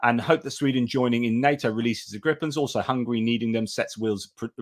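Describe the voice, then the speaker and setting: A man's voice: mid-range voice, fast. Chatty man hosting war news. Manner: chatty, with restarts and asides. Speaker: host. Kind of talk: casual news commentary.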